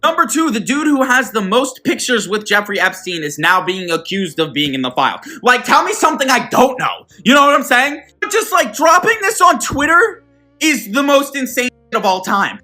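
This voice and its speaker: Loud bright-voiced woman reacting to news. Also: on the high side. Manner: loud, exclaiming, blunt and profane. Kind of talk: reaction commentary.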